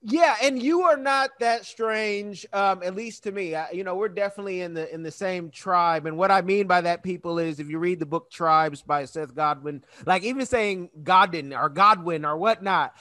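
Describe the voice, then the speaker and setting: A man's voice: high-pitched, normal speed, few pauses, sharp tone, dry recording. A man hosting a podcast, chatting casually with a guest and laughing easily. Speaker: podcast host. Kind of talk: casual interview chat.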